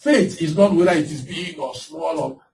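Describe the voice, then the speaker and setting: A man preaching a lively sermon, laughing and slipping into the voices of the people in his stories. His voice sits a little high. The mic is some way off, with a faint hiss behind him. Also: normal speed, creaky. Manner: animated, laughing, acting out quoted voices. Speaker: pastor. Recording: distant mic with faint background noise.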